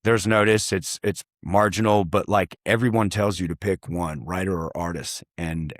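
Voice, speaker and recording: A man's voice: low-pitched, steady tone, moderate pace, dry recording, clean studio sound. A man in casual podcast talk, reflective and loose, cursing freely and trailing into fillers. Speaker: guest, artist and songwriter.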